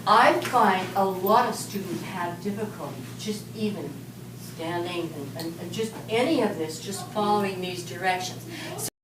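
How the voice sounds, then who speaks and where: Woman, music teacher, slow patient instruction, rhythm chants, distant mic, roomy classroom. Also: on the low side. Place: elementary school classroom. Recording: echoey classroom from far off, noisy.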